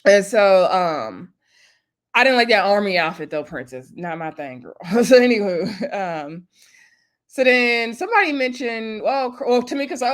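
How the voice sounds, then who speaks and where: A woman's voice: on the high side, expressive, normal speed. A chatty woman, casually recapping a reality show episode. She laughs often and acts out the cast members' lines.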